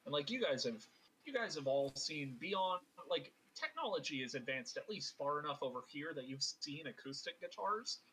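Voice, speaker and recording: A man narrates a tabletop game as game master, loose and casual with lots of filler words. His voice is bright and lively, rising and falling a lot. Faint noise sits behind him. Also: on the high side, normal speed, low-quality recording.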